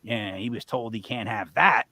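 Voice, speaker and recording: Animated rambling middle-aged man. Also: medium pitch, normal speed, dry recording. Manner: animated, rambling, swings loud and soft. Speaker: co-host. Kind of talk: casual storytelling on a live show.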